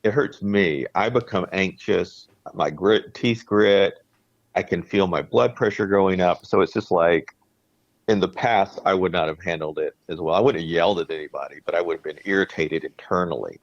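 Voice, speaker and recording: A man's voice: low-pitched, normal speed, dry recording. A man co-hosting a podcast, talking in an earnest, reflective way and often restarting his sentences. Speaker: podcast co-host. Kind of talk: casual chat. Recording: dry, dull lo-fi sound.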